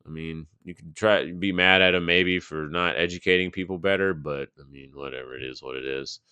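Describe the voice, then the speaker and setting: Low-voiced, crisp, profane market host. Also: male voice, fairly even intonation, fairly quick, sharp tone, no echo. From Texas. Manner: loose and profane, thinking aloud with fillers. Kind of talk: casual live chart commentary.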